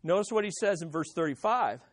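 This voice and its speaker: Emphatic preacher, loud then hushed. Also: mid-range voice, lively intonation, fairly quick. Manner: asks the listeners rhetorical questions. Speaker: pastor. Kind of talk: expository sermon.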